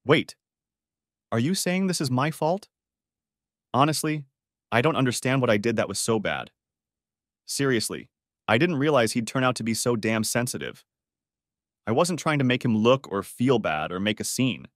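A man's voice: medium pitch, animated, moderate pace, pauses often, no echo, clean studio sound, natural voice. A man voicing an awkward young man who stammers and apologizes a lot, in a story audiobook. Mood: irritated. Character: awkward young man, nervous and polite, stammers when put on the spot.

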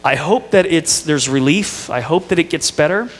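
A man's voice: a little high, expressive, normal speed, long reverb tail, slight background noise. A middle-aged male pastor preaching a sermon, telling family stories with playful asides to the congregation. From Indiana. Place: church sanctuary.

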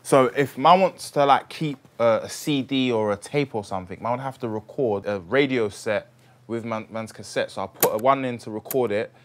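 Young guy rambling about back in the day, slangy and excitable. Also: medium pitch, normal speed, slight background noise. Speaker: comedy show co-host. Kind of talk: casual banter.

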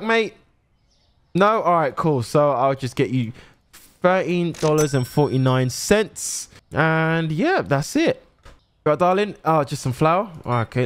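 Pitched fairly high and sounding close to his everyday voice, a young man takes the role of a cheerful shopkeeper. He touts his prices and serves customers at the till in quick, friendly shop-worker chatter.

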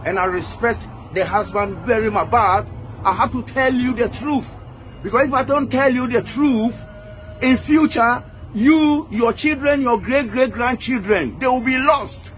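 A man's voice: very high voice, unhurried, a bit bright, faint music behind. A man, making an insistent public statement and ending his lines with "okay?". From Ghana. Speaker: man claiming to be a footballer's father.

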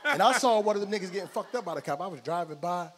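A man doing a profane stand-up comedy set, loud and animated, telling stories on a comedy club stage. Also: high voice, fast talker. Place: comedy club stage before a live audience. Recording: live room with long reverb, crowd noise.

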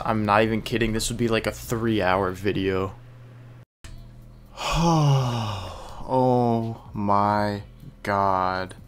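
A man's voice: lowish voice, fairly bright tone. A man hosting a gaming video, chatting to himself and his viewers while he plays. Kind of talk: gameplay commentary.

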